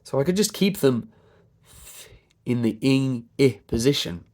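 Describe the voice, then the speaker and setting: A man with a Received Pronunciation accent coaching pronunciation, repeating words and sounds slowly, now and then whispering them. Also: mid-range voice, animated, darkish tone. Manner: drawn-out demonstration sounds, repeating words and phonemes, with whispered bits. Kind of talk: slow, deliberate pronunciation lesson.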